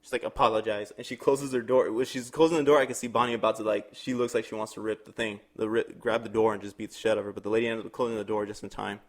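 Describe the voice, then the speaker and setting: A young podcast co-host with a fairly low voice races through a long story very fast with hardly any pauses. Chatting casually and animatedly, he acts out the people's quotes and swears freely.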